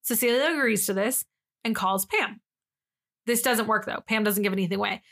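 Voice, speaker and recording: A young woman co-hosting a podcast, casually walking through a crime case. She is dry and sarcastic and slips into little voices for the people in it. Her voice sits at a middling pitch. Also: normal speed, creaky, fairly bright tone. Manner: sarcastic, acts out quotes in different voices. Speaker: podcast co-host. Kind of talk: casual true-crime storytelling.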